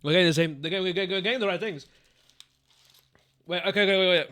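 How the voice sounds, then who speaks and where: A young man chatting through a live game stream, profane and quick to get worked up. His voice sits a little high for a man and comes across bright and forceful, and he keeps calling his viewers "bro". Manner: profane, excitable, calls the chat bro. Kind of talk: casual live-stream gaming chat.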